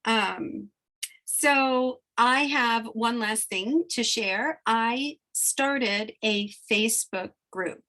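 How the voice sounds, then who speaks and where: Woman talking to her followers, bit high voice, rambly and emotional, keeps restarting sentences. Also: very slow, pushed and bright. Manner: emotional, rambling, self-interrupting. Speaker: spiritual hypnotherapist. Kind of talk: casual chat to followers. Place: New York.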